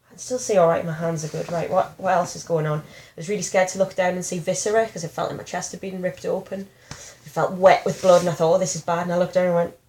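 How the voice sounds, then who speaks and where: A woman, candidly telling personal stories in an animated, self-deprecating way. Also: lowish voice, quick pace, few pauses, a little hiss or hum. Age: 30s. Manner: frank, animated storytelling with self-deprecating humor.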